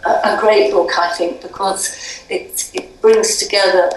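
A woman's voice: medium pitch, fairly even intonation, measured pace, reverberant, far from the mic, low-quality recording. An older English woman in an interview, talking in a chatty, wry way with many ums and restarts. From England. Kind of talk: conversational interview.

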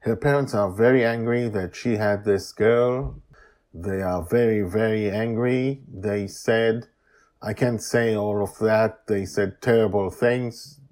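Brief: man reading an urgent, caring woman, pitched up. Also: fairly even intonation, slow pace, a little mellow. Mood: upset.

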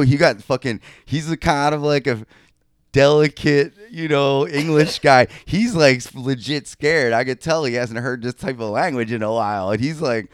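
A young man co-hosting a podcast who tells a long anecdote in a casual, animated and profane way, full of fillers. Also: mid-range voice, moderate pace, clean tone. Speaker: podcast co-host. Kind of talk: casual storytelling.

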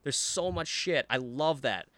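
Excitable, bright-voiced podcast co-host man. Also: mid-range voice, measured pace, no room sound. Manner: excitable, profane, acts out quotes. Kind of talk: casual chat.

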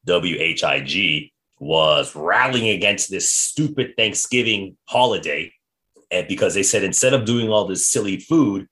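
Lively low-voiced male podcast host. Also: measured pace. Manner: animated storytelling, reads quotes aloud. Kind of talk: casual history chat.

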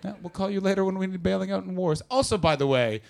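A man from Canada doing brash, profane stand-up crowd work, often jumping into loud shouted voices. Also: high voice, fast, vocal fry. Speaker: stand-up comedian. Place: comedy club with audience.

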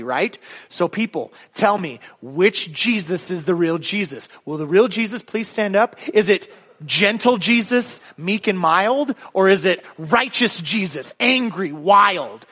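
A man preaching a sermon as a guest speaker, casual and animated, acting out quotes from the people in his story. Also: a little high, normal speed, big-room sound.

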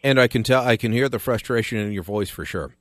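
A man's voice: mid-range voice, fast talker, fairly bright tone, dry recording. A man hosting a call-in radio talk show, opinionated and sarcastic with punchy emphasis, speaking into a studio microphone.

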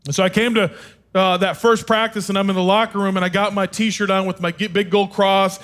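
A man with a notably high voice preaches from a stage. He tells his own story with animated, self-deprecating humor and pokes fun at himself as he goes. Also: fairly quick. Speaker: speaker. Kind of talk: sermon with personal storytelling.

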